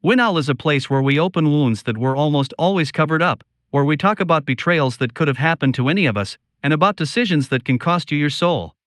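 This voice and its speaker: Man, storyteller, slow and solemn delivery, confiding tone, slightly high voice, dry close sound. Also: lively intonation, a bit bright, no room sound. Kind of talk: scripted first-person story narration.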